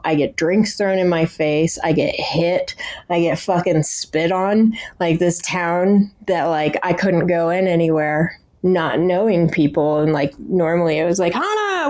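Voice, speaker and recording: A woman's voice: lowish voice, a little mellow. A young woman, a podcast guest, telling her recovery story candidly with blunt swearing and frequent fillers.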